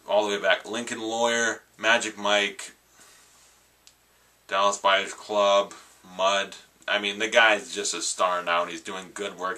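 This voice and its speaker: A young man chatting casually about award winners, excitable and quick to swear, often restarting his sentences. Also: fairly low pitch, far from the mic. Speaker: vlogger. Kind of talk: casual movie-awards commentary.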